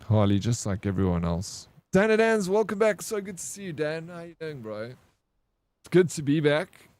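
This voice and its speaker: Here a South African game streamer talks loosely to his audience mid-game, in a fairly high, very animated voice that's a little mellow and moves at normal speed. Easygoing and chatty, he welcomes viewers by name and doesn't hold back on swearing.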